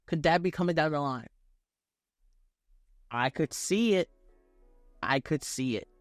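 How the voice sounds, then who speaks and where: A young man talks through a wrestling show in a loose, animated, profane way, full of slang. His voice sits somewhat high and is recorded dry and close. Soft music plays faintly underneath. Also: no room sound. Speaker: wrestling review host. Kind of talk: casual video review.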